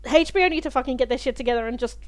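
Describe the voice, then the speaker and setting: A young woman hosting a reaction video, talking through an episode in a chatty, animated way and swearing freely. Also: high voice, rapid-fire. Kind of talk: casual spoken review of a TV episode.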